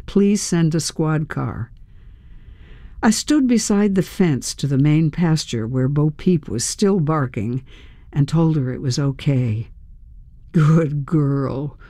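A woman narrates a first-person audiobook at an unhurried, deliberate pace. Her voice is low-set and mellow, and the recording sounds dry and close. She keeps a measured delivery with tense pauses. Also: dry recording.

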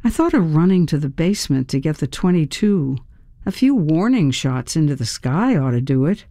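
A woman narrating a first-person audiobook in a measured, expressive, tense storytelling manner. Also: deep voice, no room sound, studio quality.

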